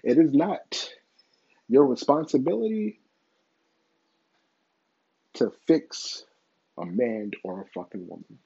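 Male commentator, mellow and a bit raspy, swearing freely while speaking his mind, on a dull lo-fi mic. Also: medium pitch, wildly swooping pitch, slow pace, long pauses. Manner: blunt, profane, opinionated. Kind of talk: casual opinion commentary.

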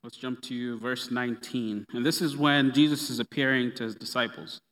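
A man preaching a sermon in a relaxed, conversational way with playful asides. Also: medium pitch, moderate pace. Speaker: pastor. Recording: long reverb of a hall.

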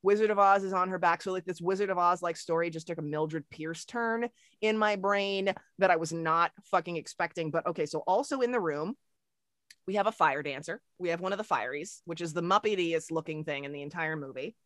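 A woman co-hosting a podcast in casual chat, talking fast and animatedly with frequent swearing. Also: fairly low pitch, no echo, studio quality. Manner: animated, profane, quick-talking. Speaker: podcast co-host.

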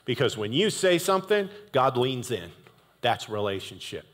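A male pastor preaching a sermon in an animated, conversational way, with jokey asides. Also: mid-range voice, normal speed. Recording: echoey hall reverb.

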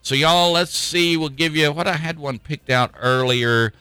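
A man's voice: on the high side, unhurried, sharp tone, clean tone, dry recording, rough recording. A man hosting a radio talk show, talking in a folksy, rambling way.

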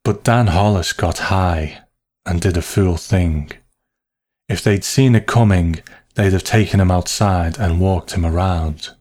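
Deep, slow male storyteller. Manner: slow, measured, hushed storytelling. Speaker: narrator. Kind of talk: scripted story narration.

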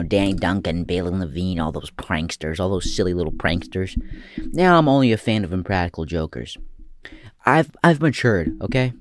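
A young man hosting a crude comedy commentary, swinging from loud shouting bits to a mocking, profane rant. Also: on the low side.

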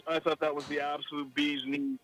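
A man telling stories as a country singer guest in a casual podcast chat, excitable and slangy with lots of restarts. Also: on the high side, brisk, rough recording.

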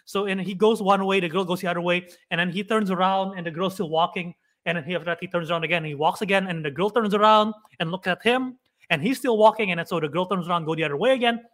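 High, bright-voiced young man chatting. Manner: rambling, retells scenes with quick acted-out quotes. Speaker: podcast co-host. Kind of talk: casual chat.

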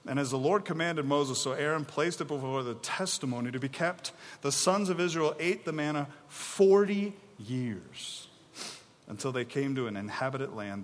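A man preaching a sermon, reading scripture and acting out the people's complaints with animated, mock-exasperated energy. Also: mid-range voice, long reverb tail. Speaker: pastor.

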